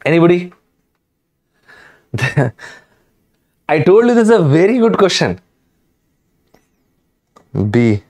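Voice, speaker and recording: A man's voice: sits high, big pitch swings, slow, long pauses, darkish tone. A man teaching a live online lesson, emphatic and addressing students directly, repeating key words. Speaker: online exam-prep teacher.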